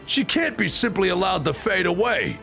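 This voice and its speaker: A man doing a gravelly New tough-guy queen. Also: high voice, big pitch swings, normal speed, pushed and bright, faint music behind, pitched above the performer's own voice, full character voice. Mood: pleading. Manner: tough-talking, slangy, swears. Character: gruff streetwise robot queen, defiant and foul-mouthed. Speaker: streamer voicing a game. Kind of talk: comedic voice-over of a video game.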